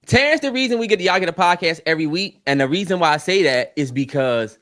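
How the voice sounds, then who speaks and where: Animated, teary-eyed podcast co-host man. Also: a little high, fast, hardly any pauses. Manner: animated, heartfelt, swears freely. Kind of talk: casual podcast chat.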